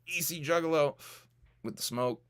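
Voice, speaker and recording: A man's voice: fairly high pitch, normal speed, clean tone. A man in his thirties co-hosting a casual live-stream podcast, joking around and greeting viewers in the chat by name. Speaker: podcast co-host.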